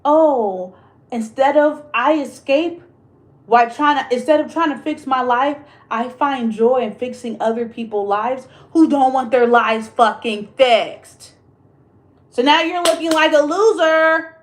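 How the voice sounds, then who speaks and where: A woman's voice: on the high side, unhurried. A woman hosting a casual livestream chat, ranting in a blunt, emphatic way and swearing freely. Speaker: livestream host.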